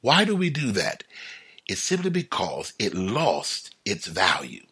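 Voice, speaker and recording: A man giving a reflective motivational talk on a broadcast, animated and chuckling often as he acts out everyday remarks. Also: on the low side, measured pace, breathy edge. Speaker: broadcast speaker.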